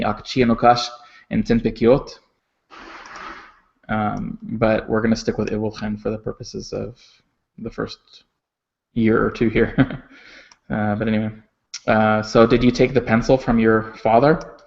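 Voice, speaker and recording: A man teaching a language lesson, explaining patiently with frequent fillers and self-corrections, and slowing down to pronounce example sentences carefully. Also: mid-range voice, gravelly. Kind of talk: recorded online lesson. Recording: slightly dull, muffled audio.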